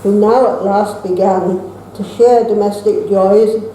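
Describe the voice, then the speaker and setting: A woman reading her own rhyming poems at an open mic in a steady recitation, with wry asides between them. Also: mid-range voice, measured pace, slight background noise. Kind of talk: poetry reading. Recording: echoey room with faint ambience.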